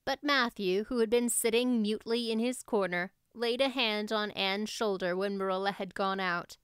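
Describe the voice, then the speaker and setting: A woman reading a classic novel aloud as an audiobook narrator, steady and expressive. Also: medium pitch, normal speed, smooth, no room sound, clean studio sound.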